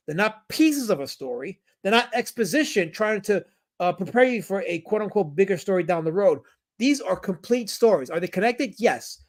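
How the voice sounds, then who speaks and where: High-pitched animated male streamer. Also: moderate pace. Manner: animated, jokey, reads chat aloud. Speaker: streamer and comic creator. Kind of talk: live stream chat reading.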